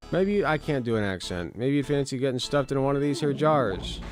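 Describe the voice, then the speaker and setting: A man casually commenting on a video game with wry, deadpan asides. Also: mid-range voice, a little fast, few pauses. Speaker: streamer playing a game. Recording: faint game music behind.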